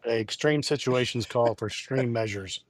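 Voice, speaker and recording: A man, a podcast co-host, tossing quick, wry comments into casual chat. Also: medium pitch, dry recording.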